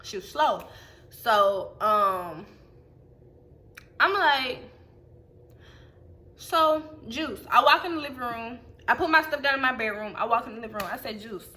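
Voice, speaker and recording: A woman telling a profane, animated storytime to her camera in a casual vlog. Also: fairly high pitch, unhurried, long pauses. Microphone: phone or webcam.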